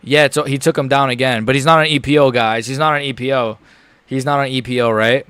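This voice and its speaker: A young man reacting live to a fight he is watching, frustrated and ranting, dropping to mutters and rising to yells. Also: medium pitch, fairly even intonation, quick pace, smooth, no room sound. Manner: frustrated, swings between muttering and yelling.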